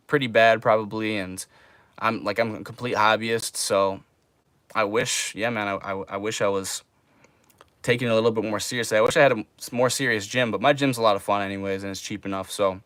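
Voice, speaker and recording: A man's voice: fairly low pitch, a bit bright, clear, resonant tone, no echo. A young man chatting casually on a livestream, laid-back and drawling, calling people man and bro.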